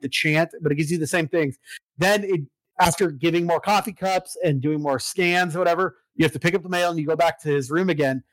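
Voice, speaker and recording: A man in casual chat, recapping a video game story with lots of fillers and swearing, getting excited about it. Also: a little high, no room sound, low-quality recording.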